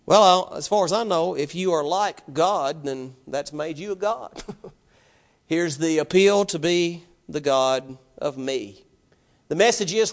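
A pastor with a high voice delivers an emphatic sermon. He keeps putting rhetorical questions to his congregation and pressing each point home. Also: slow pace.

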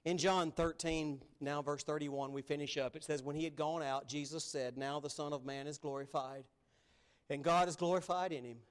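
Male pastor, higher than average pitch, emphatic sermon delivery with loud and hushed turns. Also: steady tone, normal speed, clear, resonant tone. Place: church sanctuary.

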